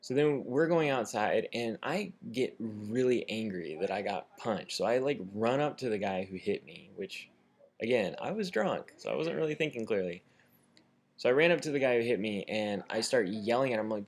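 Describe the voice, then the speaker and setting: A man's voice: mid-range voice, moderate pace. A young American man filming himself, telling a story in a loose, rambling way full of fillers and acted-out quotes. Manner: rambling, animated retelling with many fillers. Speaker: vlogger. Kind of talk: casual storytelling. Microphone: camera mic, self-filmed.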